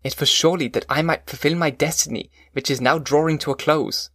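A man narrating a classic novel as an audiobook in a measured, formal reading. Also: a little high, steady tone, a bit bright, slightly rough, no echo, clean studio sound.

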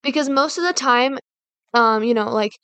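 A woman's voice: a little high, moderate pace, a bit bright, no echo. A woman hosting a casual advice talk, rambling and filling her sentences with "like" and "you know". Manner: rambling, heavy use of fillers like "like" and "you know". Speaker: podcast host.

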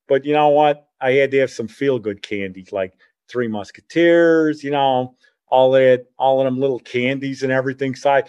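A man's voice: medium pitch, muffled recording. Rambling middle-aged man telling a story. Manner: rambling, animated, self-correcting. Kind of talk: casual spoken reminiscence.

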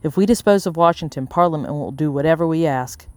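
A reader voicing a scheming colonial-era male mayor who speaks calmly and persuasively in an audiobook. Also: medium pitch, fast, dry recording, close to an everyday voice. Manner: calm, coldly persuasive. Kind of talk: audiobook character reading.

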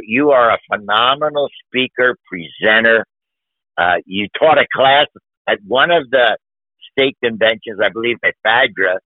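A man's voice: medium pitch, no room sound. A man hosting a podcast interview, talking effusively and with emphasis, full of praise for the people he mentions. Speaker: podcast host. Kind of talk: conversational interview. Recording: dry, phone-like narrow band.

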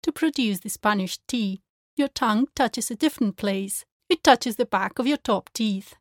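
A woman language teacher giving a pronunciation lesson, speaking clearly and carefully as she demonstrates sounds. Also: a little high, moderate pace, dry recording, studio quality.

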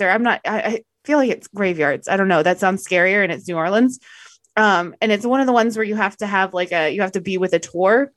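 A woman's voice: mid-range voice, fairly bright tone, no echo, clean studio sound. Chatty woman podcast co-host, rambling. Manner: rambling, self-correcting storyteller. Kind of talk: casual podcast chat.

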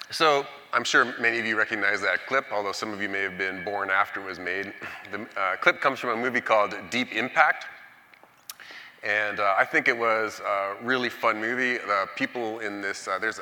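A Canadian-born man in his sixties gives a public science lecture in a big auditorium. His voice sits low but has a very forceful, bright edge, and his manner is jokey and full of energy. The sound rings with a long hall reverb. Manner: jokey, energetic, leads the audience in cheers. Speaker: guest lecturer.

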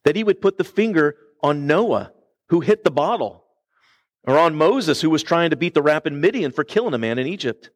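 A male pastor delivering a sermon, his voice sitting a touch higher than most men's. He preaches with earnest emphasis, lifting and dropping his delivery, and now and then asks the congregation to answer back. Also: lively intonation, moderate pace.

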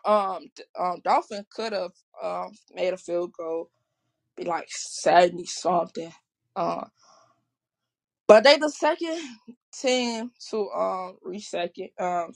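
A woman's voice: fairly low pitch, vocal fry. A woman hosting her podcast, rambling casually about sports with many fillers and restarts and apologizing for her swearing. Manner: rambling, full of fillers and self-corrections. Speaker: podcast host.

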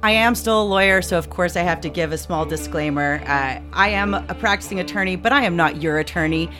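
Low-voiced woman lawyer co-host. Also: a little fast, a bit bright, soft background music. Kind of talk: casual chat and scripted outro.

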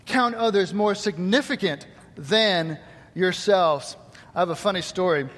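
A middle-aged pastor with a high, light, fairly bright voice gives a folksy sermon, speaking a little slowly and peppering it with jokes and asides to the congregation. A long reverb from the large church hall carries his words.

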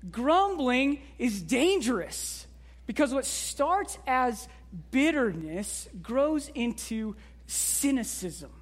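Woman pastor, high unhurried voice, conversational sermon with rhetorical asides.

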